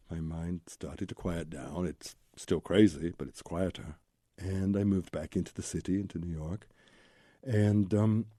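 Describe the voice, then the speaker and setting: A man's voice: sits low, warm tone, dry recording, clean studio sound. A man, a Zen Buddhist teacher, telling his own story as an interview guest in a candid, rambling way with tumbling lists of memories.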